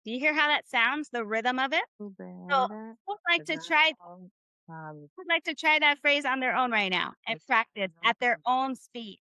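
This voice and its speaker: A woman's voice: sits high, animated, normal speed, bright, forceful tone, no echo, muffled recording. A woman teaching a live online Spanish class, upbeat and encouraging as she leads the group through repetition drills.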